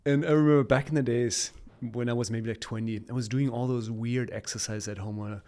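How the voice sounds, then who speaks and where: A man talking as a podcast guest in a casual, upbeat way. He coaches more than he lectures, and his voice sits at an ordinary middle pitch. He laughs easily between points. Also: fairly even intonation, fairly quick, a little mellow.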